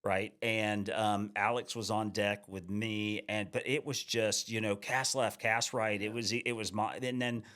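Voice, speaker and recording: Low-voiced man swapping fishing stories. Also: flat delivery, unhurried, hardly any pauses, a bit bright. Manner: stammering restarts, easygoing, repeats words. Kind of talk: casual storytelling chat.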